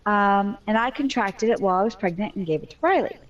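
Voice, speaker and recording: A woman's voice: medium pitch, lively intonation, fast, highs cut off. A mother telling her story in a casual voice chat, candid and talkative with a joking streak.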